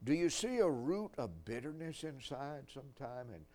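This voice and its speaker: A man's voice: medium pitch, big pitch swings, moderate pace, darkish tone. An older man preaching a sermon, telling folksy stories with dry humor.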